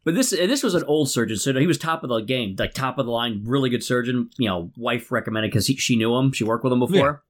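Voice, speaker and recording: A man's voice: mid-range voice, fast talker, hardly any pauses. A man co-hosting a podcast in casual chat, telling stories and laughing often. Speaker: podcast co-host.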